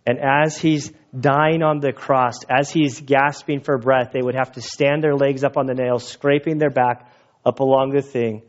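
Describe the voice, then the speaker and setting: A man's voice: medium pitch, steady tone, moderate pace, highs cut off. A male pastor preaching a sermon outdoors, telling stories in a conversational, sometimes emotional way. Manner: conversational storytelling, emotional at times. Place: outdoor church gathering.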